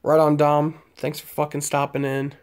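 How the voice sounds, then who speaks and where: With a clear, resonant voice on the high side and a completely flat delivery at normal speed, this late-twenties man from Omaha, Nebraska, United States, rambles through crude stories. It's casual live-stream chat with viewers, full of swearing, fillers and laughter.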